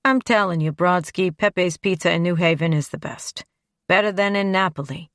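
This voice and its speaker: A woman voicing a hearty, animated male Italian-American detective in an audiobook. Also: fairly low pitch, moderate pace, dry recording, studio quality, natural voice. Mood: jovial.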